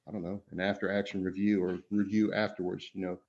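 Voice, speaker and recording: A man's voice: low voice, little pitch movement, fast, darkish tone, lo-fi sound. A man co-hosting a podcast as a father, talking casually and rambling, full of "you know" fillers and restarts.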